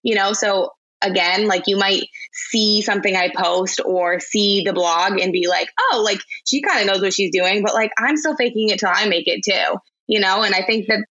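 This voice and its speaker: A woman's voice: mid-range voice, fairly even intonation, normal speed, hardly any pauses, fairly bright tone, highs cut off. Woman blogger rambling casually on a podcast, lots of likes and ums. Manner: chatty, many fillers and restarts. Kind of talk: casual interview chat.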